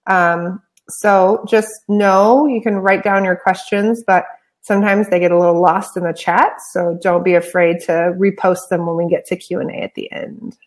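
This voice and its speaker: A woman's voice: fairly low pitch, fairly even intonation, moderate pace, hardly any pauses. A woman co-hosting a live webinar, upbeat and chatty, with frequent fillers. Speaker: webinar co-host. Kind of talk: casual webinar chat.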